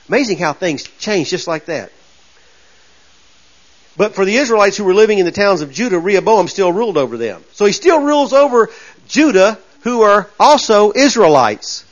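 A male preacher delivers a folksy, animated sermon and throws himself into acting out the voices. His voice sits high, and the recording sounds dull and lo-fi. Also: moderate pace.

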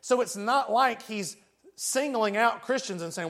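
A man's voice: sits high, animated, normal speed, gravelly, a bit bright. A man with a West Tennessee accent preaching a sermon in a folksy, joking way, laughing often.

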